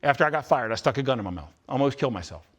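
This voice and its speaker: A man gives a live motivational talk with Q&A to a room of students at a youth retreat, held in a large indoor space with an audience. He is blunt and intense, repeating points for emphasis, speaking at a racing pace with lively intonation and a breathy edge in his medium-pitched voice.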